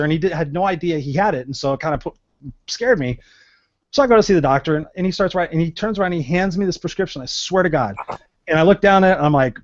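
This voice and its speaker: Guy co-hosting a chatty web show, lively storyteller, dull muffled audio. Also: fairly high pitch, dry recording. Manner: animated storyteller, acts out quotes. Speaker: co-host. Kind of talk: casual panel talk.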